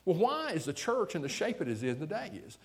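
A pastor preaching a sermon. His voice sits a little high and swings widely up and down as he presses his points. He keeps drawing the congregation in with quick asides. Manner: lively preaching with frequent "see?" and "okay?" asides.

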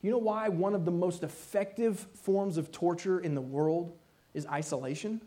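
Lively high-voiced preacher man. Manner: animated storytelling, acts out quoted voices. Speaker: pastor. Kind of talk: sermon.

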